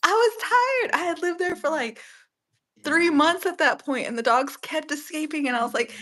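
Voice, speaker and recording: A young adult woman, a nurse, chatting casually and telling animated stories with frequent laughter. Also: high-pitched, moderate pace. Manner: animated storyteller who laughs often. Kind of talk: casual chat.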